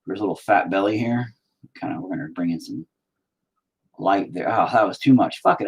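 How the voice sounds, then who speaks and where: A man's voice: on the low side, brisk, slightly rough, poor audio. A man talking casually to his viewers while he paints, cursing constantly and mocking himself as he rants. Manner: profane, ranting, self-mocking. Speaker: painting vlogger.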